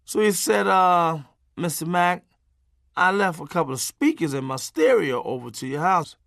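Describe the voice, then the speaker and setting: A man's voice: high-pitched, moderate pace, creaky, no echo. Middle-aged guy telling family stories, punchy and salty, swings his voice all over, dry close sound. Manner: animated, punchy, folksy, salty language. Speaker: memoir narrator. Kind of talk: conversational storytelling narration.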